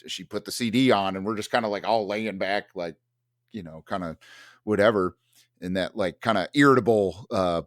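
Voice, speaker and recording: A man's voice: on the low side, no echo, studio quality. A man telling a long story in casual podcast chat, rambling with many fillers and restarts. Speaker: podcast host.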